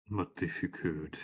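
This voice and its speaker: A man playing in a tabletop game, speaking in character in a measured, formal way. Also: deep voice, husky. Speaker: player. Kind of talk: in-character tabletop role-play.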